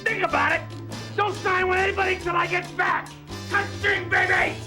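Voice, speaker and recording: An actor playing a crude, loud-mouthed man who yells insults and sales pitches in a film clip. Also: level tone, normal speed, over loud music. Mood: pushy. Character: crude loud hustling man, aggressive car-proud salesman.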